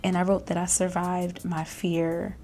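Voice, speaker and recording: A woman's voice: lowish voice, monotone, a little slow, mellow, slight background noise. A woman vlogger talking in a casual, reflective way, with many fillers and restarts. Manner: chatty, self-reflective, many fillers and restarts, laughs often.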